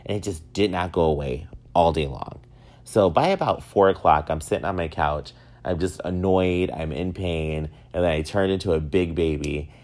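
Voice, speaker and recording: A man in his thirties hosting a casual solo podcast, telling stories in an animated, self-mocking way. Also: sits low, normal speed. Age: 30s. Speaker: podcast host.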